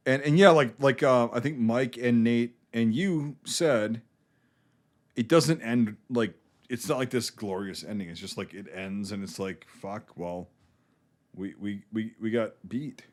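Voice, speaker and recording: A man's voice: medium pitch, unhurried. A man co-hosting a war movie podcast, rambling and teasing his friends, swearing freely. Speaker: podcast co-host. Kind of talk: casual profane movie chat.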